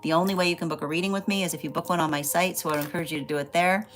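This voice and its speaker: A woman's voice: fairly low pitch, fairly even intonation, rapid-fire. A woman hosting a livestream tarot reading, talking emphatically, repeating phrases and adding "right?" often. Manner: emphatic, repeats phrases, many tag questions. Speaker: tarot reader, livestream host. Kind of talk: casual livestream talk.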